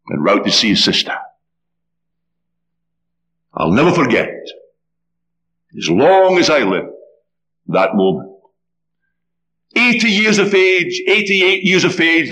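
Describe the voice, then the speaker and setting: A man preaching a sermon, telling a story with dramatic, animated delivery. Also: mid-range voice.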